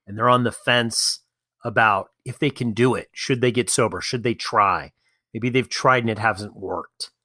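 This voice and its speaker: A man's voice: medium pitch, a bit bright, no room sound, clean studio sound. A man hosting a recovery podcast, asking a guest an earnest, encouraging question. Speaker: podcast host. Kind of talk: interview question.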